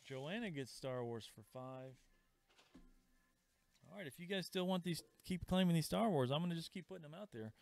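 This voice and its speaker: A man hosting a live comic shop sale, chatting casually and pitching items with asides. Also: animated, normal speed, vocal fry, darkish tone. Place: comic store. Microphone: livestream camera mic.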